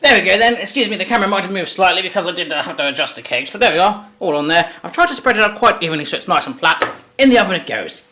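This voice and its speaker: A man's voice: sits high, animated, very fast, bright, forceful tone. Jokey man hosting a cooking demo. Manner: jokey, rambling, self-correcting asides. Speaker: cooking video host. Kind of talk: comic in-character cooking demo.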